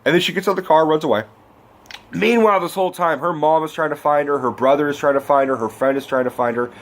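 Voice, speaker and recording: A man in his twenties ranting about a movie in a casual vlog, swearing often and breaking into loud exclamations. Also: a little high, quick pace. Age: 20s. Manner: animated, swearing, bursts of shouting. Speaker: vlogger. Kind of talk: profane movie rant.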